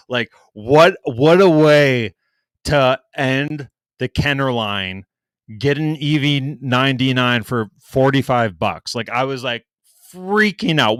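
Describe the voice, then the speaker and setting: A man's voice: medium pitch, dry recording. A young adult man, a podcast co-host, telling a story in casual chat, swearing freely and acting out what others said in a raised voice. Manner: animated, profane, acts out quotes in a raised voice.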